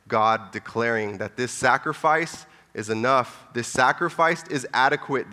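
A man preaching a sermon with passion, pleading and emphatic, dropping to hushed lines between loud ones. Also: medium pitch. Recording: long hall reverb.

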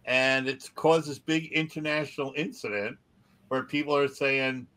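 A man's voice: medium pitch, steady tone, normal speed, bright, forceful tone. A man co-hosting a comedy podcast, telling a story in casual chat and laughing often. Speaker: podcast co-host.

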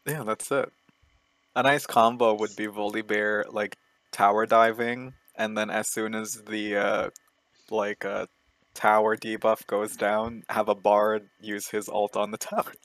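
A man's voice: fairly low pitch, unhurried, dry recording, rough recording. A young man co-hosting a casual gaming podcast, laughing often and acting out what other players said. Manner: laughing, animated retelling with acted-out quotes. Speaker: podcast co-host.

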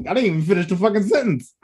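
A man's voice: sits high, dark tone, slightly rough. A man co-hosting a casual podcast, rambling through stories and mimicking the people he talked to on the phone. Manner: rambling, laughing storyteller mimicking phone calls. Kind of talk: casual chat.

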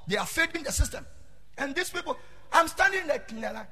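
A middle-aged man preaching a sermon and telling his own story, half-singing his phrases and breaking into shouts. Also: very high voice, animated, fairly quick. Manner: fervent, half-sung cadences, bursts into shouting. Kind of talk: sermon with personal testimony.

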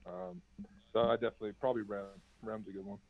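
A man's voice: lowish voice, steady tone, quick pace, vocal fry, breathy edge, no room sound. A young man, a former college basketball player, answering interview questions in a laid-back, chatty way full of fillers. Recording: tinny phone-like line, dry.

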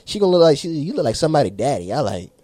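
A man's voice: a little high, big pitch swings, very fast, mellow, dry recording. A man in his twenties co-hosting a casual chat, rambling, swearing and laughing a lot. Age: 20s. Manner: rambling, profane, laughs often. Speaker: podcast co-host.

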